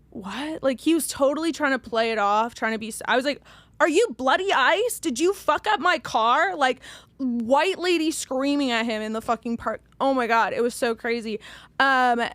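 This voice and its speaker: A woman's voice: high-pitched, a bit bright, dry recording. A young woman co-hosting a podcast, telling a story in casual chat and acting out the quotes, swearing freely. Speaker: podcast co-host.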